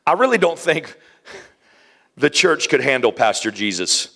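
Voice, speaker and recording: A man preaching a sermon, animated, acting out scenes with hushed whispers and playful voices. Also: medium pitch, a little slow, vocal fry.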